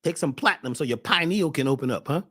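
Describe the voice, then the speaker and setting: Fiery preaching man, wildly swinging pitch. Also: expressive, fast, slightly rough. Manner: preachy, swings from shouting to hushed. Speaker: host. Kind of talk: impassioned spiritual talk.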